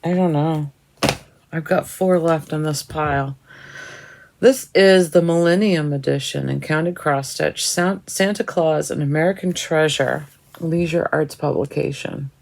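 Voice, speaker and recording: A woman's voice: low-pitched, measured pace, gravelly, darkish tone, low-quality recording. A woman casually showing her cross stitch chart books to viewers, chatty and admiring, thinking aloud as she flips pages. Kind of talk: casual show-and-tell of craft books.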